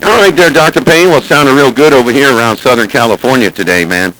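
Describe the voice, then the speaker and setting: A man's voice: mid-range voice, quick pace, noisy background. A man in casual chat over a CB radio, with folksy talk and repeated greetings. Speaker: CB radio operator. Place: Southern California, near the Salton Sea. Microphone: CB radio transmission.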